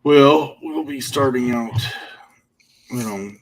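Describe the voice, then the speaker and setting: A man's voice: medium pitch, slow. A man hosting a game development livestream, chatting in a laid-back, upbeat way. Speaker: game developer and stream host. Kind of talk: casual livestream chat.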